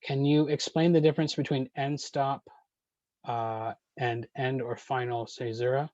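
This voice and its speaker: A man of middle pitch runs an online poetry workshop, answering questions in a measured way with many ums and uhs. His voice comes over a video call, dry and slightly muffled. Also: level tone, a little mellow, no echo.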